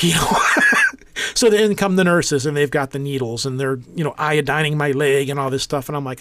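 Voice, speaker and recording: The man, in his 40s, has a steady voice on the high side and talks at normal speed with no echo. As a podcast co-host he rambles through a joking story full of acted-out quotes in a casual storytelling chat.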